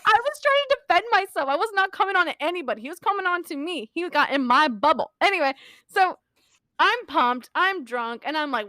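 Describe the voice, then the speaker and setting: A young woman chats on a podcast in a high, bright, sharp voice, rambling through a story and giggling mid-sentence. The sound is close and dry, with no room around it. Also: animated, brisk, dry recording. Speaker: podcast co-host. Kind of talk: casual storytelling chat.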